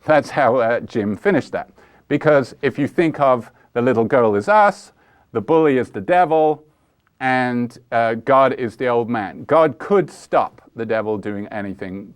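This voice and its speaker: A man's voice: medium pitch, smooth. A man giving an informal philosophy lecture, talking in a conversational, digressive way with many ums and uhs. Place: Flint, Michigan.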